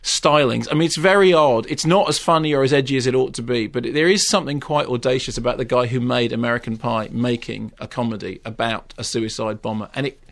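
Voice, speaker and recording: A man's voice: medium pitch, a little fast, creaky, hardly any pauses. Opinionated man reviewing films. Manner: opinionated, rising to exasperated rants. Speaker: film critic. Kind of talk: radio film review chat.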